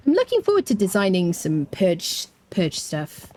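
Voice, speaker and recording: An English woman streaming a game, chatting casually and playfully with her viewers and often dropping into quiet asides. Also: fairly low pitch, wildly swooping pitch, moderate pace. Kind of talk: casual live-stream chat while gaming.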